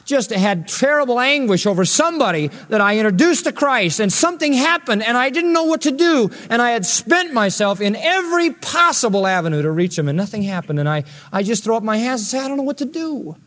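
A man's voice: very high-pitched, expressive, brisk, hardly any pauses, fairly bright tone, long reverb tail. A male pastor preaching an expository sermon, earnest and rising to emphatic peaks when quoting scripture.

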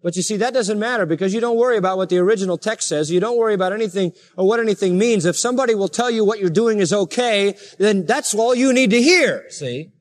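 A man's voice: sits high, quick pace, few pauses. A man preaching a sermon, reading scripture aloud and rising sharply in emphatic indignation. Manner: reads scripture aloud in King James wording.

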